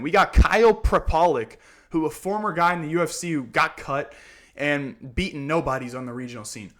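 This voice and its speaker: A man's voice: a little high, fairly bright tone. A man hosting a fight predictions breakdown, talking casually and ranting heatedly, tagging sentences with "man" and "you know what I mean".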